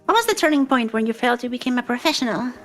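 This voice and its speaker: A woman with a fairly high voice asks questions and rambles through her answers in a casual chat. She clears her throat often and fills pauses with lots of fillers. Faint music sits behind her. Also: animated, fairly bright tone. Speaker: guest interviewer.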